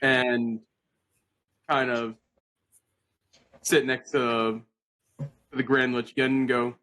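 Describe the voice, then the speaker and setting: Guy player in a tabletop game, calm deliberate narrating. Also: medium pitch, low-quality recording. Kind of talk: casual tabletop play.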